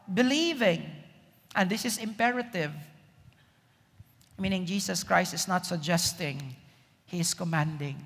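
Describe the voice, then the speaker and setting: A man preaching a sermon as pastor, slow and emphatic, checking in with the congregation as he goes. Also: high-pitched, creaky, sharp tone, big-room sound.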